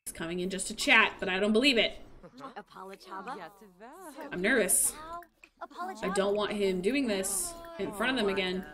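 A woman's voice: medium pitch, normal speed, long pauses. A young woman live-streaming a life-sim game, chatting casually and gushing over the game while thanking her chat. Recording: loud game music behind. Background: game music.

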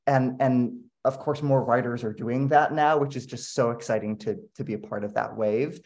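A man's voice: medium pitch, fairly even intonation, moderate pace, a little mellow. Man, theatre maker, reflective and considered, casual discussion. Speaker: musical co-creator. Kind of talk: casual panel conversation.

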